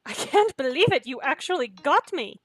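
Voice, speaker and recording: A woman's voice: high voice, sing-song, normal speed, faint music behind, voice pushed up. A woman voicing a confident, teasing female sparring trainer in a put-on accent that drifts Russian. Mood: playful. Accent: put-on foreign accent that drifts Russian. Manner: teasing, challenging.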